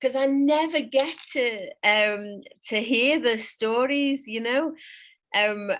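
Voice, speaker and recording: A woman speaks as a psychic medium guest in a relaxed conversation. Her voice sits a little high, and she pours out praise, often saying the same kind thing twice. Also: slow pace, slight background noise. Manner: warm, effusive, repeats herself. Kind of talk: casual conversation.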